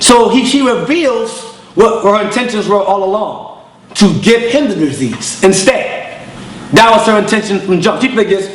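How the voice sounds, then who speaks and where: A man's voice: high voice, normal speed, reverberant, low-quality recording. A man, an elder of his congregation, preaching bluntly in street slang and telling stories with acted-out voices. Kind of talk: preaching lecture with storytelling.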